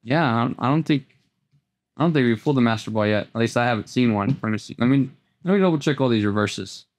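A host with an everyday middle-pitched voice opens trading card packs in fast, casual unboxing commentary, naming each card as it appears. He's chatty, stumbling and repeating words before jumping into sudden excited highs.

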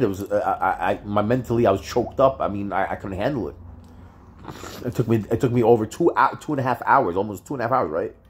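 A man talking to his vlog audience in a halting, rambling way, full of fillers and restarts, upset and frustrated. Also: fairly low pitch, breathy edge. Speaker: vlogger. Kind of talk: casual vlog monologue.

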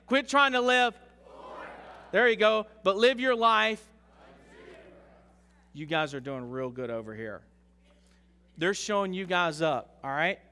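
High, bright-voiced pastor in a reverberant church. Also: male voice, lively intonation, a faint crowd. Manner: jokes with the congregation, leads call-and-response reading; rises to loud, slow emphatic preaching. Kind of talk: interactive sermon. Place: church sanctuary. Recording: long hall reverb.

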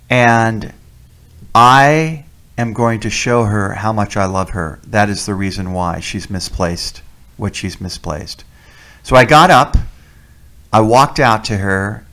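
A man preaching as a deacon who tells personal testimony stories in an animated way, repeating key words for emphasis. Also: lowish voice. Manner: animated storyteller, emphatic repetition.

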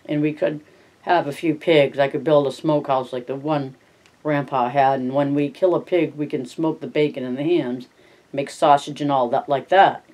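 A reader doing a tired ranch hand, drawling in a plain rural way about the land he hopes to own. The pitch sits in an ordinary middle range, and the telling is steady and low-key, as in a novel read aloud. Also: normal speed, lightly acted. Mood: dreamy. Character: rancher dreaming of owning land, a weary working man.

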